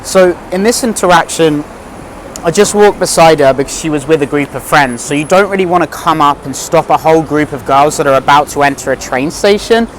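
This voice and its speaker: A man from London coaching viewers in a relaxed voice-over, explaining step by step. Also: on the high side, a little fast, a little hiss or hum. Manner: relaxed, explanatory, slightly rambling. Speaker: dating coach. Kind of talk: instructional voice-over.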